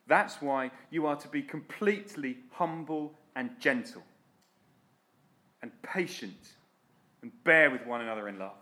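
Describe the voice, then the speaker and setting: A man's voice: medium pitch, expressive, measured pace, bright, forceful tone. A man preaching a sermon in an earnest, direct, exhorting way.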